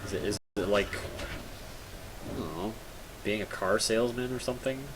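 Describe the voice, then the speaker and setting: A man's voice: lowish voice, moderate pace, noisy background. A tired young man chatting casually and self-mockingly to viewers while streaming a game, rambling and joking at himself. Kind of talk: casual live-stream chat.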